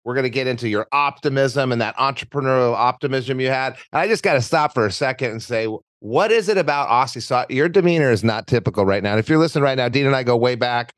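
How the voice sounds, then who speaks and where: A man's voice: mid-range voice, fast talker, hardly any pauses, a bit bright, dry recording, studio quality. A middle-aged man hosting a podcast, talking in a playful, teasing, rambling way. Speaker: podcast host. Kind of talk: casual interview chat.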